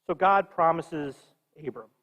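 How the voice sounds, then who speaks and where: A man with a fairly high voice leads a confirmation class in conversation. He keeps quizzing the students as he goes. His voice carries a long reverb from a large church hall. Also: measured pace, dull audio. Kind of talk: teaching a class.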